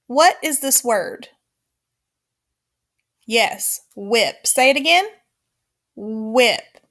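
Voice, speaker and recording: A woman teaching phonics to young children in a recording has a high-leaning, somewhat bright voice. Her delivery is slow, clear and encouraging, built around counted call-and-response.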